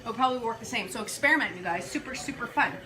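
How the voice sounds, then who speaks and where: Her voice a little high and racing, a cooking show host runs a casual live demo at a kitchen counter with a crowd audible behind her. She's chatty, leans on fillers, and calls viewers "you guys," amid clattering cutlery and pots.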